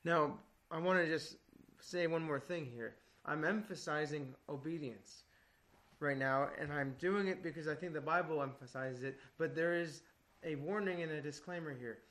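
Male preacher, high-pitched voice, earnest exhorting sermon delivery, repeats phrases for emphasis. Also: moderate pace, fairly bright tone.

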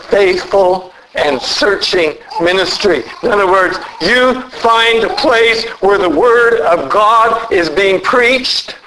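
A man with a fairly high voice preaches a sermon. He speaks earnestly and leans hard into key words. He slows down as his voice rises on the points he stresses. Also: a little hiss or hum, rough recording. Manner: earnest preaching, rising to emphatic peaks; lively pitch, slows down for emphasis.

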